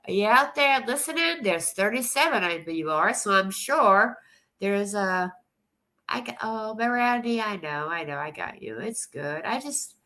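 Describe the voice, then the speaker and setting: A woman's voice: medium pitch, animated, a little slow, sharp tone. A woman streaming live, crying and rambling with nervous laughs as she talks to her chat. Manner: tearful, rambling, laughing through tears. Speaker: livestreamer. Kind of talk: casual livestream chat.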